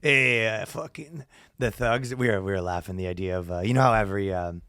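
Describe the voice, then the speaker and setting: A man's voice: fairly low pitch, a little fast, pushed and bright, clean tone, dry recording, clean studio sound. A man hosting a casual comedy podcast, rambling through stories with lots of swearing and laughing at his own jokes. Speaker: podcast host.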